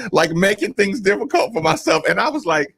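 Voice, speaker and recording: A man co-hosting a sports radio show, telling stories in a casual, animated way and acting out quotes. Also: sits high, moderate pace, vocal fry, breathy edge, dry recording. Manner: animated, laughing storyteller who acts out quotes. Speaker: radio co-host, former basketball player.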